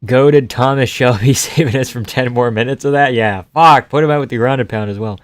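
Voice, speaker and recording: A man's voice: medium pitch, brisk, dry recording. A male streamer giving casual live fight reactions and reading chat questions aloud, offhand and chuckling, swearing now and then.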